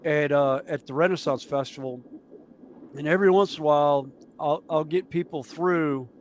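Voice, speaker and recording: Southern US man, host of a hobby chat, fairly high voice, rambling storyteller. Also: normal speed, slight background noise. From southern United States. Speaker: stream host. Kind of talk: casual chat while building model kits.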